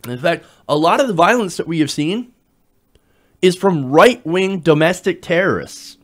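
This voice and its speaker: A man's voice: a little high, animated, moderate pace. A man giving emphatic political commentary, repeating key words for effect.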